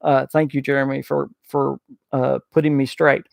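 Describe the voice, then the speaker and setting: A man with a thick Southern US accent hosts a casual livestream podcast, chatting folksily and reading viewers' super chats; he loses his train of thought, with many "uh" fillers. His voice is medium-pitched with little pitch movement, at normal speed with vocal fry, recorded in studio quality with no echo.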